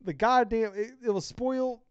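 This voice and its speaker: A young man co-hosting a casual podcast, gushing and excitable, swearing freely. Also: very high voice, a little slow, smooth, no echo. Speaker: podcast co-host. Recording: dry, dull lo-fi podcast mic.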